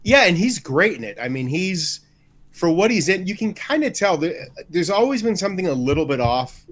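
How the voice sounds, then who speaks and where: A man co-hosting a casual chat, relaxed and hedging as he talks. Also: high voice, normal speed, no room sound. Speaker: co-host.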